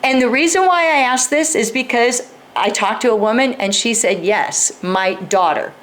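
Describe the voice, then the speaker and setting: A woman teaching a live class on persuasion speaks in a slightly high, expressive, somewhat bright voice at normal speed. Her conversational instruction includes acting out sample dialogues and putting questions directly to the audience.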